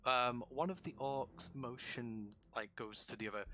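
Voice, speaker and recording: A man narrating as dungeon master for a tabletop game, in a relaxed, rambling way with many fillers. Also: mid-range voice, measured pace, hardly any pauses.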